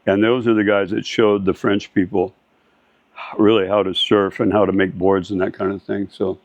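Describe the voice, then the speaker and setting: Speaking at a normal speed in a fairly low, level voice with no echo, a Californian surfer and board shaper in his seventies tells anecdotes from the old days. It's a rambling, reminiscing interview captured in dull lo-fi audio with faint music.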